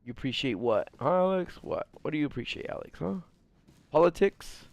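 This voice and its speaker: A man's voice: fairly high pitch, animated, brisk, gravelly, a little mellow. A young man giving casual let's-play commentary as a gaming streamer, joking, swearing and chatting with his viewers.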